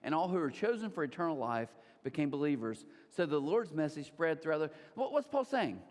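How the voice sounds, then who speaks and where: A man preaching a sermon as pastor, animated, with asides to the crowd and put-on high voices for others. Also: fairly quick, in a large hall. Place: church auditorium.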